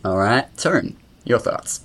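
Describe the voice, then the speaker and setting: A man's voice: lowish voice, animated, slow, fairly bright tone. A man hosting the trivia segment of a casual podcast, with an upbeat quizmaster delivery.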